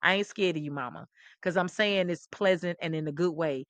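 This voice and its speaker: A middle-aged woman host, talking with animated, preachy emphasis and repeating phrases. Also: lowish voice, fairly quick, dry recording. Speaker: talk show host. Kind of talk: impassioned commentary to camera.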